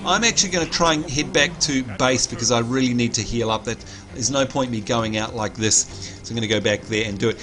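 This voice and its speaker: A man, co-hosting a live game stream and chatting excitedly to viewers. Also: medium pitch, fast. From New Zealand. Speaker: livestream co-host. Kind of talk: live gaming commentary. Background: game music.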